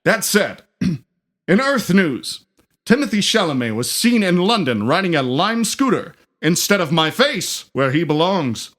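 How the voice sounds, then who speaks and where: Man as stuffy alien anchorman, formal, a bit high-pitched. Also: measured pace, exaggerated voice. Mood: deadpan. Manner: formal, pompous, deadpan. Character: pompous mustached male alien news anchor. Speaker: radio news anchor. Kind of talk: comedy audio drama.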